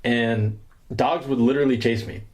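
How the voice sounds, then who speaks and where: A man's voice: medium pitch, steady tone, normal speed, background noise. A man co-hosting a casual podcast, putting in dry, teasing asides. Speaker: podcast co-host. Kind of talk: casual chat.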